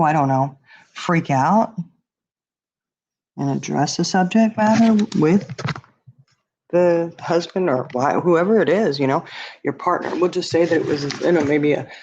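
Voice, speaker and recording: A woman's voice: deep voice, warm tone. Lady rambling on her livestream, lots of um and you know, kinda muffled lo-fi audio. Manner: rambling, many fillers, talks to chat. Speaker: livestream host. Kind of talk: casual chat with viewers. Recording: dull lo-fi stream audio.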